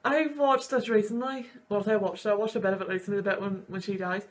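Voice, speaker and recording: A woman's voice: mid-range voice, steady tone, fast. Emotional young woman reacting to films. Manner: gushing, rambling, sniffly over sad scenes. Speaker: university student and video host.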